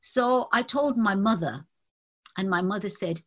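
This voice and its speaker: A woman earnestly telling a personal faith testimony, reflective and halting with fillers. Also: mid-range voice. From Indian family. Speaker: testimony speaker.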